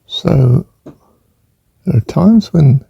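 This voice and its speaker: A man's voice: a little high, animated, drawn-out words, gravelly, mellow, slightly rough, no echo, lo-fi sound. An older man giving an informal spelling lesson, rambling and musing aloud, drawing out words as he says them and adding chuckling asides. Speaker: teacher.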